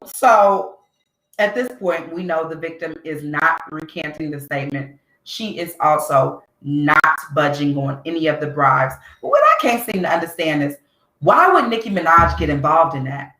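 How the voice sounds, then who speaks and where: A woman's voice: low-pitched, a bit bright. A woman, hosting a podcast. She talks bluntly and with animation, repeating lines for emphasis. The room around her is echoey. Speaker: podcast host. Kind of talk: casual commentary.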